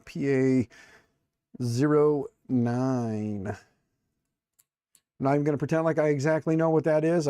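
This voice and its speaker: A man's voice: mid-range voice, warm tone, dry recording, clean studio sound. A middle-aged man chatting casually on a live stream while tinkering, joking and muttering to himself as he works. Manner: joking, self-mocking, rambling. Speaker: streamer building a 3D printer.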